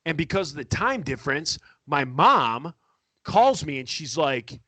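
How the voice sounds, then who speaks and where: A man's voice: on the high side, unhurried, slightly rough, dry recording. A man telling a long story in a casual chat, acting out what people said and laughing as he goes. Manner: animated, acts out quotes with laughter. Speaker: podcast guest storyteller.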